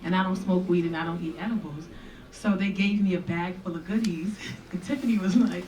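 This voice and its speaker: A woman comedian telling a profane, animated stand-up story to a live audience. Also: mid-range voice, brisk, recorded from a distance, a little hiss or hum, rough recording. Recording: stage recording with loud crowd. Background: audience laughter.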